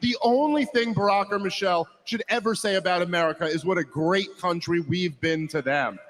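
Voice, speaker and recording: A man's voice: sits high, a little fast, fairly bright tone, slight background noise, poor audio. A man on a political panel, ranting heatedly with a lot of swearing. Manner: profane ranting.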